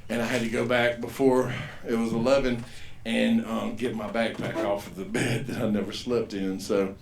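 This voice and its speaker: A man, performing a rambling, profane stand-up set and loudly acting out the people in his stories. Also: fairly low pitch, little pitch movement, moderate pace, gravelly, reverberant, a little hiss or hum. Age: 50s. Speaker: stand-up comedian. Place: comedy club stage.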